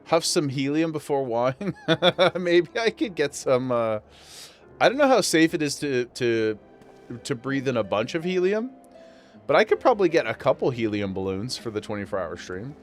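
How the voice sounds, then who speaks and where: A man's voice: mid-range voice, sing-song, normal speed. Male streamer, casual chat to viewers, laughing, faint music behind. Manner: chatty, laughing, talks to chat.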